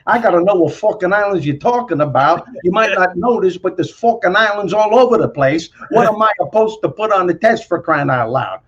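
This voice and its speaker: A man voicing an indignant young male college student from Brooklyn, with a Brooklyn accent, shouting and exasperated, on a slightly dull lo-fi recording. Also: high-pitched, expressive, a little fast, hardly any pauses, breathy edge, voice pushed up, full character voice.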